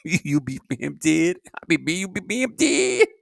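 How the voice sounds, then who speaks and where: A man mimicking a male coworker in a goofy, drawn-out, sing-song way. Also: a little high, wildly swooping pitch, vocal fry, dry recording, clean studio sound, pitched above the performer's own voice, exaggerated voice. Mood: mocking.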